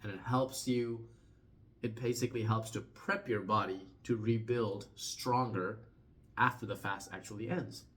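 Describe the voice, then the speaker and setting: A young man explaining a topic in a casual vlog, conversational, often trailing off softly at the end of phrases and restarting words. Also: fairly low pitch, fairly even intonation, a little slow. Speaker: vlogger.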